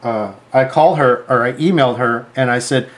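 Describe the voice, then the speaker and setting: A man's voice: medium pitch, a little fast. A man, a sewing designer, telling a story to camera in a chatty, rambling way and acting out the dialogue. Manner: animated, acts out quoted dialogue.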